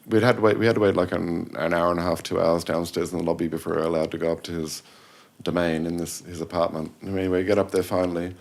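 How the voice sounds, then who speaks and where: This middle-aged podcast guest talks fast with few pauses, his low, creaky voice flat as he rambles through stories. He keeps correcting himself and acts out quoted voices during the casual storytelling interview.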